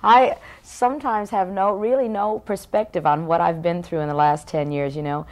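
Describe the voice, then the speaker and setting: A woman in her thirties speaks in a fairly low voice, answering interview questions in a relaxed, chatty way. She muses aloud, trails off and restarts her thoughts mid-sentence. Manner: musing, self-interrupting, with quick restarts. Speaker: interview guest. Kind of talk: casual interview talk.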